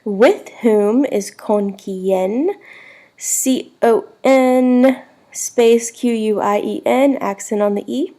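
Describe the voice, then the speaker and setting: A woman, teaching a recorded lesson at a slow, unhurried pace. Her voice sits a little high, and she spells words out one letter at a time. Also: mellow. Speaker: Spanish teacher.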